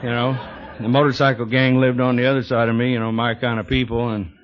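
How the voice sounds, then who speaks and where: A man's voice: mid-range voice, flat delivery, fast talker, a faint crowd. Drawling man spinning dry yarns. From Texas. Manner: dry, drawling humor with frequent "you know". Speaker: recovery speaker. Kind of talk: storytelling talk to an audience. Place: meeting hall with audience. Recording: dull lo-fi 1980s tape recording.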